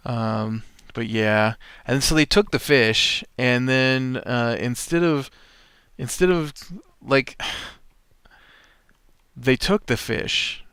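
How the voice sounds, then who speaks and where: A man's voice: medium pitch, very slow, a bit bright, clear, resonant tone, no room sound. A man hosting a let's play, telling a rambling story full of uhs and restarts with a wry edge while he plays. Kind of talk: casual storytelling while playing a game.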